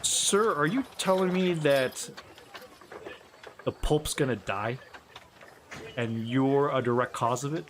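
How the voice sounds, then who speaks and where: Dude voicing a stiff guard, very formal, sir this sir that, slight hiss in the back. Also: male voice, mid-range voice, takes it slowly, long pauses, a bit bright. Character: stern adult male guard at an exhibition.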